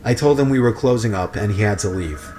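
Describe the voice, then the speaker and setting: A man giving a scripted, steady narration of a creepy story. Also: lowish voice, quick pace, a little hiss or hum.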